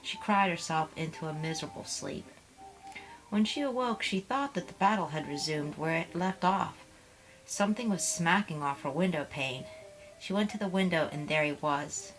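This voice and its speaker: Low-voiced woman reading a novel. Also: moderate pace, soft background music, rough recording. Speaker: audiobook narrator.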